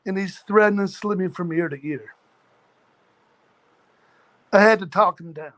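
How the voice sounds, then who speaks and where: High-voiced man telling a workplace story. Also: normal speed, fairly bright tone. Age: 40s. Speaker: chat room participant. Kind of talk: casual storytelling.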